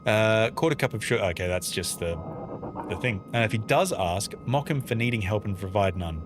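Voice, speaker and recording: A man's voice: lowish voice, lively intonation, brisk, over music. A man casually streaming a game, chatting with his viewers and muttering to himself as he plays. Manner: chatty, reads and answers chat messages; playful, mutters to himself while playing. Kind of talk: casual live-stream chat while gaming.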